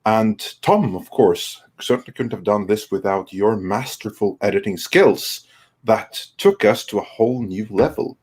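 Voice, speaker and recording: A man, the channel's founder, speaking in a halting way with many fillers in a casual livestream chat over a video call. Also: lowish voice, darkish tone, husky.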